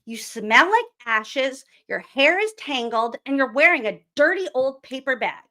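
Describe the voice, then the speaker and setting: Lady doing a stuck-up little prince voice, way higher, slow and snooty. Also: expressive, pushed and bright, heavily acted. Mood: scornful. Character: snobbish young male prince, scornful.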